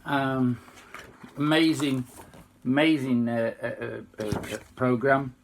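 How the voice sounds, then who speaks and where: A man with a Yorkshire accent, unwell, chatting to fans in a halting, heartfelt way. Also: mid-range voice, steady tone, a little hiss or hum. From Yorkshire, England. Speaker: singer and tribute impersonator. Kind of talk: casual fan video chat.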